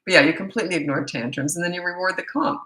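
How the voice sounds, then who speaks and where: A woman's voice: fairly low pitch, racing, a bit bright, roomy sound, poor audio. Blunt, tired-voiced woman parenting coach. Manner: blunt, casual, loses track mid-thought. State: losing her voice. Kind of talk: live Q&A, answering viewer questions.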